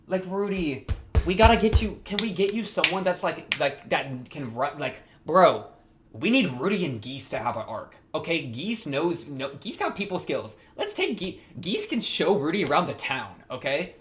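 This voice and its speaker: A young man hosting an anime reaction, talking casually in a rambling, slangy way with excitable outbursts. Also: fairly high pitch, normal speed, a little hiss or hum.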